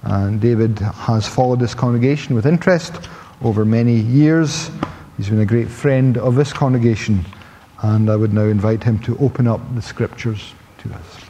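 A man in a church formally introducing a guest preacher, speaking in a measured, slightly halting way. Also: medium pitch, warm tone. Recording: long hall reverb with faint noise.

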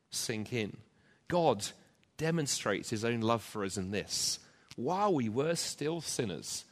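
A man preaching an emphatic sermon to a church congregation, driving points home with rhetorical repetition. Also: medium pitch. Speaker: pastor. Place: church, also live-streamed.

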